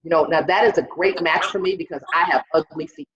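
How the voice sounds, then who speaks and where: A woman's voice: deep voice, fairly even intonation, fairly quick. A woman stand-up comedian, telling a profane story and acting out the quotes herself. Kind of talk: stand-up comedy set over video call. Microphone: video call. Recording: roomy, dull video call audio.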